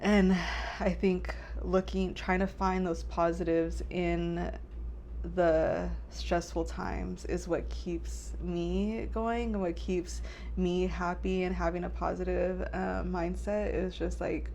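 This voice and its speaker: A woman's voice: on the low side, little pitch movement, slow, vocal fry, mellow, a little hiss or hum. A young woman hosting a casual podcast, rambling with many fillers and fighting back tears. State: tearful. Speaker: podcast host. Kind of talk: casual chat.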